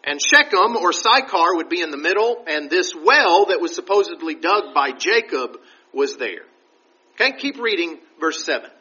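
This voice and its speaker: A man's voice: high-pitched, very animated, moderate pace, bright, forceful tone. A man teaching the Bible verse by verse, reading scripture aloud and then explaining it conversationally. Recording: dull, roomy recording from a distance.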